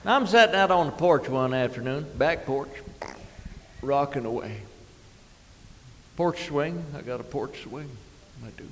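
A man's voice: medium pitch, a little slow, long pauses, slight background noise. Folksy male storyteller, hall reverb. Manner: drawling, deadpan, with sound effects and chuckles. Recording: live hall reverb, faint ambience.

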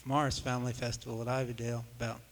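A man's voice: mid-range voice, flat delivery, racing. A man, emceeing an old-time music show on a stage microphone, in an easygoing, folksy manner. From West Virginia. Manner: folksy, easygoing, with homespun phrasing. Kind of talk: live stage announcing. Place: hall at a live music event. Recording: echoey hall with long reverb.

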